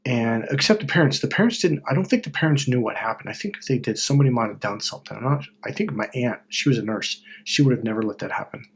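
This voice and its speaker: Husky and animated, a middle-aged man's mid-range voice rushes along with hardly any pauses as he hosts a self-help video. He's blunt and casual, swears a lot, and quotes others in loud, mocking voices.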